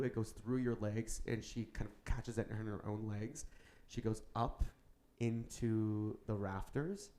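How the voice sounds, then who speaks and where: Gravelly game master narrating casually. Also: male voice, lowish voice, mellow. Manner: casual, filler-heavy narration.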